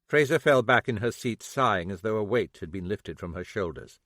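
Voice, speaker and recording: A male narrator reads a mystery novel aloud, measured and expressive. His pitch is lively and varied. The recording is dry and close to the mic. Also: no echo. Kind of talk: audiobook narration.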